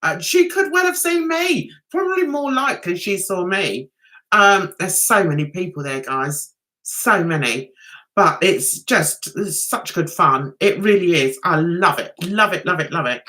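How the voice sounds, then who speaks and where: Older lady rambling on her livestream, bright voice, bounces up and down a lot. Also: lowish voice, expressive, measured pace. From England. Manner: chatty, giggly, rambling. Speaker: livestream host. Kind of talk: casual livestream chat.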